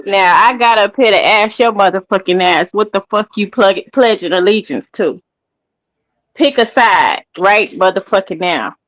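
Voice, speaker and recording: A woman's voice: medium pitch, animated, normal speed, fairly bright tone, no room sound, rough recording. Blunt, swearing woman co-host. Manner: blunt, confrontational, heavy swearing. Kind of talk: casual livestream chat.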